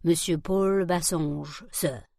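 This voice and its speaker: A woman doing a formal older Frenchman with a low voice. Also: fairly even intonation, slow pace, creaky, a little mellow, no room sound, studio quality, heavily acted. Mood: guarded, formal. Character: older male French jeweler, guarded, formal.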